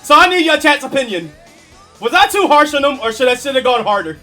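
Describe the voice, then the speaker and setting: A man with a very high, bright voice chats casually with his stream viewers, spinning a story in an animated, chuckling way and swearing freely. Faint game music plays under his talk. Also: brisk.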